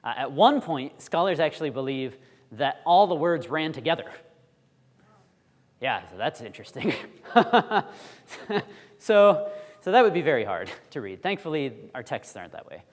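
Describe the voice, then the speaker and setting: A man teaching a Bible school class, quizzing the audience in a lively, chatty way. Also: on the high side, normal speed, long pauses, big-room sound. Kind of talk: classroom lecture.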